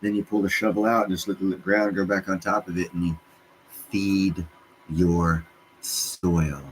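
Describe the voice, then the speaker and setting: A man hosting a livestream, chatting with viewers in a rambling, profane, excitable way and jumping from topic to topic. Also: low voice, quick pace, slight background noise, poor audio. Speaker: livestream host answering chat. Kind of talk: casual rambling rant.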